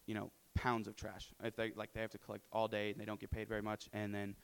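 A man's voice: lowish voice, monotone, fast talker, vocal fry, clean tone, poor audio. A young man telling his supporters about his mission work in a casual, earnest way, with many fillers and tag questions. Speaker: returned mission volunteer. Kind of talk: personal testimony to supporters.

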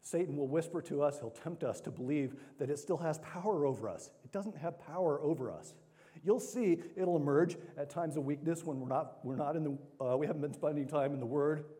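A male preacher delivering an energetic, emphatic sermon to a congregation, repeating key phrases for weight. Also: fairly high pitch, brisk. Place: church sanctuary. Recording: long hall reverb.

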